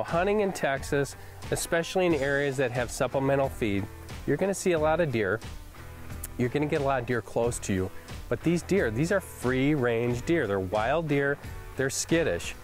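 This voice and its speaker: A middle-aged man hosting a hunting show, recapping a hunt in a casual, excitable way. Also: medium pitch. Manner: excitable, enthusiastic storyteller.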